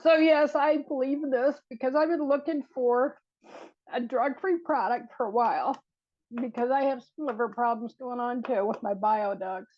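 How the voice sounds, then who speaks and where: A woman shares a heartfelt story over a video call, speaking earnestly. Her voice is a little high. The audio is dry and slightly muffled. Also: fairly even intonation, moderate pace, no echo. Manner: emotional, earnest. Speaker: new member giving a testimonial. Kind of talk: emotional testimonial on a video call.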